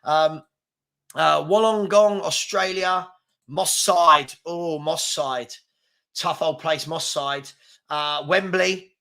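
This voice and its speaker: Young London man, live-stream host, fast and chatty, bright forward tone. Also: fairly high pitch, gravelly. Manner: fast-talking, chatty, reads out names and places. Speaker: football chat host. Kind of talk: live-stream casual chat reading viewer comments.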